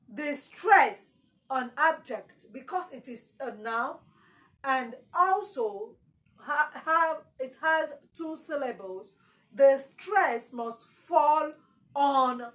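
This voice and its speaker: A woman's voice: high-pitched, a bit bright, rough recording. A woman teaching exam prep, repeating key words with strong emphasis. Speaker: English teacher.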